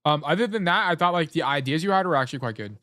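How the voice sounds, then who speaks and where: A game coach, a man with a slightly high, animated voice that is bright and pushed, talks very fast while eating. He walks a player through a casual gameplay review, bluntly, swearing freely and often correcting himself.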